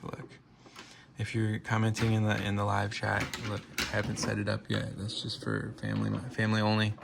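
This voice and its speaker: A man from the United States talks in a loose, rambling vlog, cutting himself off mid-thought and joking. His voice sits a little low with a gravelly rasp. A faint hiss of noise runs under the recording. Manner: rambling, self-interrupting, jokey. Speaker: vlogger.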